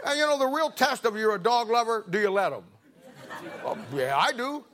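A man's voice: very high-pitched, lively intonation, normal speed, fairly bright tone, a faint crowd. A middle-aged man preaching a sermon, telling a homespun story with humor before turning to scripture. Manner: folksy, humorous storyteller who laughs through his anecdotes.

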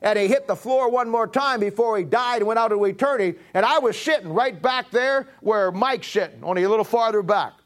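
A middle-aged man preaches, recounting his own story with a voice that sits high. He swings between emphatic, pushed peaks and low, quiet passages as he drives a point home. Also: a little fast, few pauses. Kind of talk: sermon testimony.

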